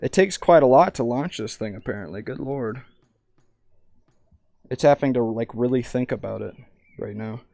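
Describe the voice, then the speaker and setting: A man's voice: medium pitch, normal speed, creaky, pauses often, a little mellow, no echo. A young American man rambling through stories in casual live-stream chat, often breaking off mid-sentence. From United States. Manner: rambling, self-interrupting storyteller.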